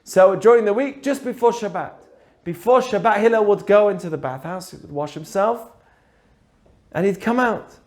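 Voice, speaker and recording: A man teaching through an animated story, acting out the characters as he goes. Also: sits high, normal speed. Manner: animated, acts out the voices in his stories. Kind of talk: storytelling lesson.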